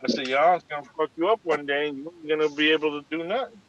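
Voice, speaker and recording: Guy on a zoom call telling a work story, bright voice, kinda muffled dry audio. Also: on the high side, very fast, dry recording. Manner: animated retelling, acting out both sides. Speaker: airline agent. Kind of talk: casual storytelling on a video call. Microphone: video call. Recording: dull lo-fi video call audio.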